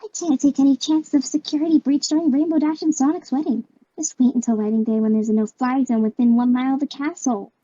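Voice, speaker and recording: A woman's voice: sits high, fairly even intonation, quick pace, dark tone, no room sound, highs cut off. A woman voicing an earnest young male fox inventor in an amateur fan dub, eager and explanatory.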